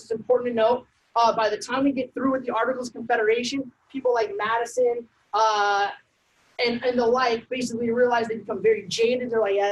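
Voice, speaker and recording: A woman presenting a civics workshop, lecturing in a brisk, conversational way with frequent ums and uhs. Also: high voice, low-quality recording. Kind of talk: informal lecture.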